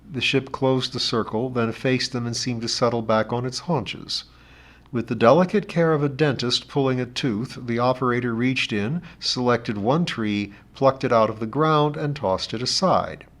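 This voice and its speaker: Man reading a novel aloud. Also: mid-range voice. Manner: steady, expressive reading. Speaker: audiobook narrator.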